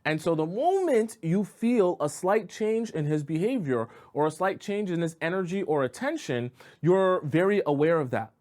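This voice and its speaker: A man's voice: high voice, animated, normal speed, hardly any pauses, darkish tone. A man giving relationship advice as a coach, talking casually and checking in with "right?" and "okay?" as he acts out examples. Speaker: dating coach. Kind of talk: advice monologue to camera.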